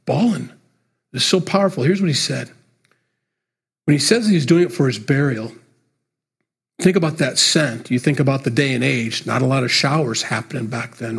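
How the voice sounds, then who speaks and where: A man delivers a sermon, his voice slightly husky and rough at the edges. He preaches in an earnest, emphatic way but keeps it conversational, as if talking straight to the congregation. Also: on the high side. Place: church.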